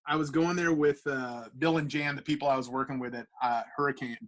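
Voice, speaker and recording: With a medium-pitched voice and a fairly quick pace, this podcast guest, a comic book artist, spins a loose, rambling story. It's lively, full of swearing and filler words.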